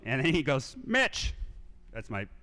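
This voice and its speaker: A man in his thirties telling animated stories to a live audience from a theater stage, acting out voices. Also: mid-range voice, moderate pace. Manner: animated anecdotes, acts out quoted voices. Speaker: speaker at a civic event. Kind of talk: storytelling talk to a live audience. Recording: reverberant theater sound.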